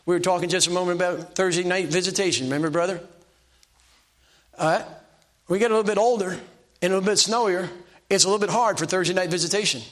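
Older male preacher, high-voiced, homespun and self-mocking, hammers one point again and again. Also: fast, long pauses, a bit bright. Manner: folksy, self-deprecating preaching with repeated exhortations. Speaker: pastor. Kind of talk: sermon.

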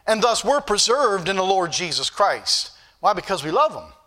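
A man's voice: sits high, big pitch swings, normal speed, sharp tone. A man preaching a sermon as pastor, folksy and joking at times, then building to emphatic points. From northern United States.

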